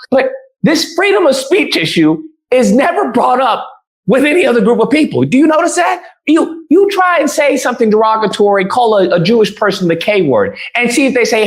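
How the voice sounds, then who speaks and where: Animated man ranting heatedly. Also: high-pitched, moderate pace. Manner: animated, mocks opponents in put-on quoting voices. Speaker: online commentator. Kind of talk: heated opinion rant.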